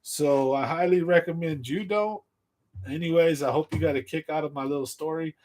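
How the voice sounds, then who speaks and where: A man hosting a fishing livestream, casually telling a rambling story from his youth in an animated way and laughing at it. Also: fairly high pitch, moderate pace, slight background noise. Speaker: fishing channel livestream host.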